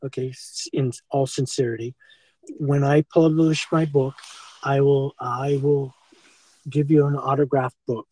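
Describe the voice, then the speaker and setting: An older American man with a husky, somewhat breathy voice rambles on, padding his sentences with "okay" and "and so forth". He is caught close and dry on a handheld phone, at a middling pitch for a man. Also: flat delivery, measured pace, warm tone, no echo, poor audio. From United States. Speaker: former school teacher being confronted. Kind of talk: rambling confrontation talk. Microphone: filmed on a handheld phone.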